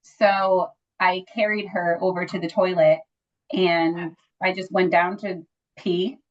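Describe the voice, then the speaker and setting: A woman's voice: on the low side, takes it slowly. A woman guest in a casual interview, telling a personal story with lots of fillers like "like" and "you know.". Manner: animated when acting out quoted dialogue. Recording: slightly dull lo-fi audio.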